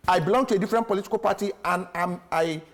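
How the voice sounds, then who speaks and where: A man from Nigeria argues on a studio panel with a slightly raised pitch. He stumbles, repeats himself and keeps pressing to finish his point. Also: rapid-fire. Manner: insistent, interrupts and repeats himself. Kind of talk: heated studio debate.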